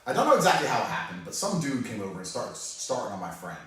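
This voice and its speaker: A man telling a story in casual chat, animated, laughing often and swearing freely. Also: mid-range voice, fast. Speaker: storyteller on a podcast. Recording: echoey room from far off.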